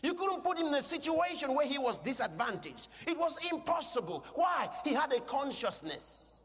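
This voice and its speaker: A man preaching a sermon to a congregation, speaking emphatically and breaking into shouted declarations. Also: very high-pitched, very animated, moderate pace. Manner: asks the congregation questions. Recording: long reverb in a large hall.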